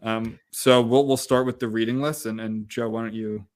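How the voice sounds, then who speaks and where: A man in his thirties, co-hosting a podcast, telling a profane, animated story in casual chat. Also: medium pitch, normal speed. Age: 30s. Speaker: podcast co-host.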